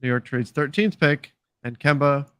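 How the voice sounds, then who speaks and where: A man's voice: a little high, normal speed, a bit bright, dry recording. A man co-hosting a casual live stream, easygoing and agreeable. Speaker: podcast co-host.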